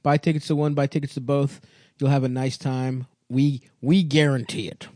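A man's voice: medium pitch, level tone, normal speed, darkish tone, no room sound, studio quality. A man hosting a comedy podcast, crude and joking as he rattles off his tour dates. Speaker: podcast host and touring comedian. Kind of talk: casual comedy podcast banter.

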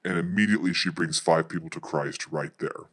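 A man, a pastor, telling a testimony story in a fast, narrative way. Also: deep voice, fairly bright tone.

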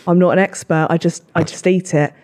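A young woman, hosting a podcast and telling stories in casual chat, swearing freely. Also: lowish voice. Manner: swearing, quick animated storytelling. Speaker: podcast host.

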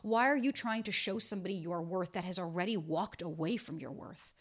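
A woman's voice: on the low side, fairly quick. Blunt, swearing woman podcast host. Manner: blunt, emphatic, swears freely. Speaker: podcast host and dating coach. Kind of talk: casual solo podcast talk.

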